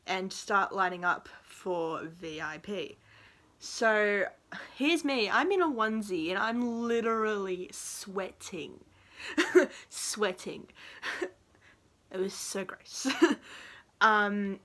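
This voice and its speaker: A young woman tells a storytime in a vlog. She rambles, laughs between phrases and fills pauses with "um" and "like". Her voice sits at a middle pitch for a woman. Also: fairly bright tone. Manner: rambling and giggly, full of fillers. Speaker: vlogger.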